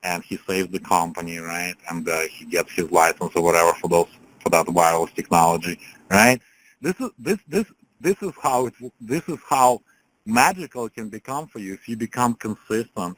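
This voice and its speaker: Rambling motivational coach, low-voiced man. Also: low-quality recording. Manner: rambling, with lots of fillers and "right?"; acts out the quoted people with shifts in pitch and loudness. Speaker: business coach on a group call. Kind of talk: motivational storytelling on a call.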